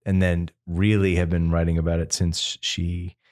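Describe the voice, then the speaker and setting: Deep-voiced man rambling through stories. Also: moderate pace. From Massachusetts. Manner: rambling, animated storytelling full of fillers. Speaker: singer-songwriter guest. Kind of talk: casual interview chat.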